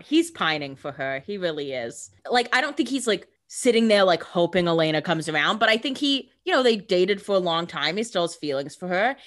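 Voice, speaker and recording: Low, lively-voiced woman co-host. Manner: expressive, joking asides to characters. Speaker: podcast co-host recapping a TV episode. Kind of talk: casual chat.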